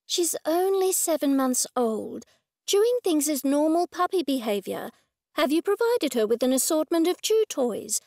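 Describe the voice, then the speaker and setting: Audiobook: woman narrator reading a calm, patient lady vet, slightly high and very dry. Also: moderate pace, no echo. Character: patient female veterinarian.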